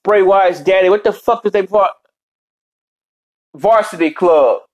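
A man's voice: high voice, unhurried, a little mellow, muffled recording. A man ranting casually as a vlogger, swearing heavily and rambling off on tangents. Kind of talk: casual rant.

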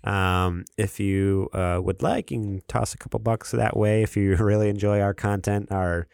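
A man's voice: on the low side, fairly even intonation, moderate pace, creaky, a little mellow, smooth, no echo, clean studio sound. A man co-hosting a podcast in casual chat, wry and easygoing, reading out sponsor plugs. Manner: laid-back, wry, reads sponsor plugs. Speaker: podcast co-host.

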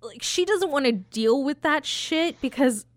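A woman's voice: high voice, lively intonation, a little slow, no echo, studio quality. A woman casually retelling a film scene, rambling and swearing as she acts out the characters. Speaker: podcast co-host.

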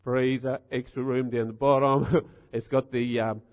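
A man's voice: medium pitch, flat delivery, unhurried. A middle-aged man giving a humorous sermon, telling stories with wry rhetorical asides. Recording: dull sound in a reverberant hall.

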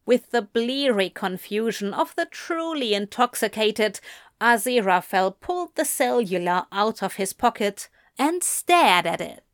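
A woman reading a story aloud at a slow, unhurried pace. Her voice is a bit high and rises and falls a lot. The recording is close and dry, with no room sound. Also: lively intonation, dry recording. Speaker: reader.

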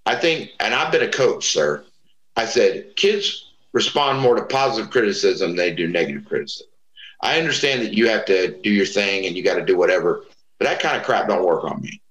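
A middle-aged man telling stories in casual talk, acting out the voices of the people he quotes. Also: fairly low pitch. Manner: animated, acts out quoted voices. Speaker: guest. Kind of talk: casual storytelling. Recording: roomy echo.

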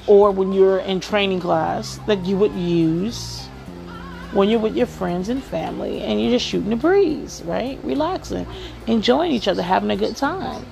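Gravelly-voiced woman chatting casually. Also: medium pitch, a little mellow. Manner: chatty, checks in with "okay?" and "right?". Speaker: podcast host giving work-from-home advice. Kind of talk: casual monologue.

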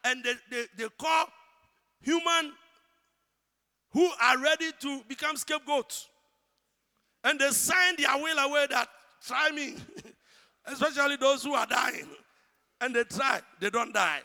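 High-pitched preacher with a Ghanaian accent. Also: male voice, measured pace, pauses often. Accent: Ghanaian English. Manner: dramatic, swings from shouting to hushed. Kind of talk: sermon. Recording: church hall reverb.

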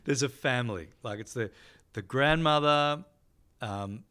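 A middle-aged Australian man, a TV host guesting on a podcast, telling lively anecdotes and acting out the people in them. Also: medium pitch, a little slow, smooth. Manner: lively storyteller, acts out quotes.

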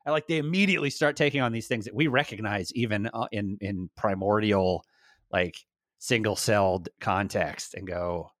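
A man co-hosting a casual podcast chat, talking in an animated way and acting out little quoted voices. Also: on the low side, normal speed, dry recording, studio quality. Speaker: podcast co-host.

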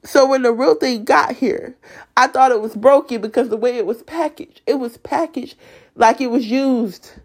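A woman with a raspy, sinus-strained voice giving an emotional, earnest faith talk as a Bible study leader, stuttering and restarting as she goes. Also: on the high side, normal speed, darkish tone. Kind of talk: casual devotional talk.

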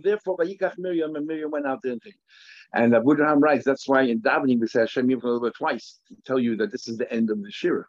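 A man teaches a Talmud page in a steady, mid-pitched voice. He thinks aloud and circles back over phrases, dropping Hebrew and Aramaic terms into his English. The recording is dry and slightly dull, close and without room sound. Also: no room sound. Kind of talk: daily Talmud class.

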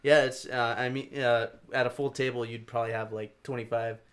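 A man's voice: medium pitch, brisk. Young man rambling with frequent swearing. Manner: rambling, profane, animated storytelling. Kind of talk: casual chat.

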